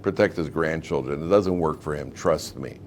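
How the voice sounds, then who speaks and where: A man's voice: very deep voice, moderate pace, darkish tone, a little hiss or hum, voice pushed down. A man voicing a sly, scheming fox in a spoken fable, reassuring and smug. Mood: coaxing. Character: sly scheming fox talking a lion round.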